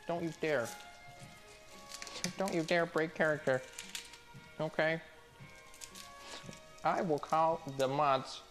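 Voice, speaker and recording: Guy putting on a huffy snooty role-play stickler, higher pitched, scolding. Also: fairly even intonation, slow pace, pauses often, music in the background. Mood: indignant. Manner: huffy, scolding, self-important. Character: snooty, indignant male role-play purist.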